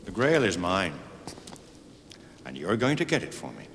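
An actor playing a ruthless, greedy middle-aged male villain, with a smooth and coolly menacing delivery in a film scene. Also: low-pitched, sing-song, normal speed, a bit bright, slight background noise, heavily acted. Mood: greedy, scheming. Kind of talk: film acting. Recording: film soundtrack with score and reverb.

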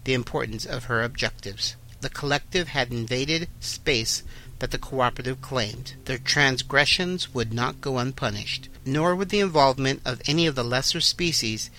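A man's voice: mid-range voice, normal speed, pushed and bright, a little hiss or hum, poor audio. A man hosting and reading a fan science fiction story, announcing readers and then narrating steadily. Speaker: host and reader.

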